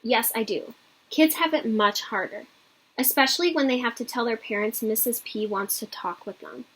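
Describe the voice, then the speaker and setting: A woman teacher reading a children's book aloud expressively and pausing to explain the story to her class. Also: on the high side, a bit bright, slightly rough.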